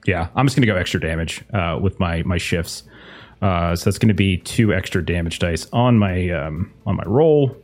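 Brief: male player, fairly low voice, rambling narration full of likes and restarts, faint music. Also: moderate pace, darkish tone. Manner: rambling, many fillers and restarts. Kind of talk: tabletop game play and narration.

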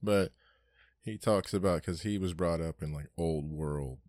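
A man's voice: deep voice, unhurried, darkish tone, no echo, clean studio sound. A young man co-hosting a podcast, chatting casually, swearing freely and telling stories with acted-out quotes. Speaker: podcast co-host. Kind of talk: casual chat.

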